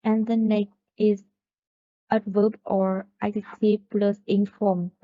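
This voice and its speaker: A woman's voice: mid-range voice, level tone, slow pace, no echo. A woman reading a class presentation on stressing compound words, carefully listing examples. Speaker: student presenter. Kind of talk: reading a pronunciation lesson. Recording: dry phone-like recording.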